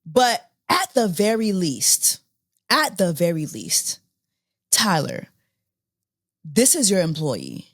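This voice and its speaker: Incredulous woman podcaster, lively pitch. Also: slow, long pauses, no room sound, clean studio sound. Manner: exasperated, incredulous, repeats herself, laughs often. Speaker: podcast host. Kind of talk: casual commentary.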